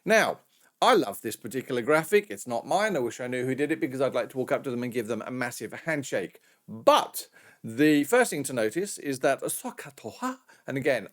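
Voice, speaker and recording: Chatty British maths teacher, lively pitch. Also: male voice, a little fast. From Britain. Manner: jokey, chatty, self-mocking asides. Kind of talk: recorded maths lesson.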